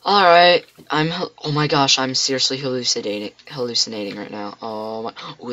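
At his desk, a gamer records excitable let's play commentary, blurting exclamations and muttering to himself as he plays. His middle-pitched voice moves briskly with few pauses, over faint keyboard clicks and slight background noise.

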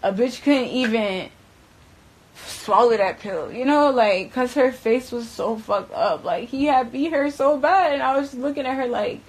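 A young woman recounting what happened in a loose, profane, rambling way, full of filler words, swinging between loud, animated bursts and hushed stretches. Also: high voice, measured pace, slightly rough, rough recording. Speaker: interviewee recounting events. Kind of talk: casual storytelling.

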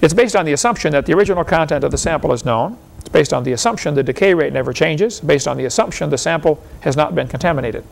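Male seminar speaker, pitched a bit high, argumentative and folksy with a chuckle. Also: lively intonation, fast, creaky, hardly any pauses. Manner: folksy, argumentative, fires rhetorical questions, chuckles often. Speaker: seminar lecturer. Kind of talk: lecture to a live audience.

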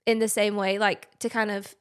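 A young woman, a podcast guest talking earnestly and softly in casual chat. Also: medium pitch, level tone, normal speed.

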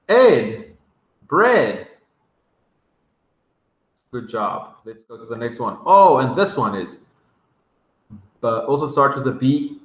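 A man teaching English words to young children, sounding them out slowly and coaxing them to repeat after him. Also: medium pitch, very animated. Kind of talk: vocabulary lesson for kindergarteners. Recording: echoey room.

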